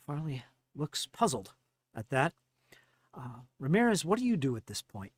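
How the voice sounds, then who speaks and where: Animated man running a tabletop game. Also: mid-range voice, moderate pace, pauses often, breathy edge, dry recording. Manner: animated, stumbling narration with restarts. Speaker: game master.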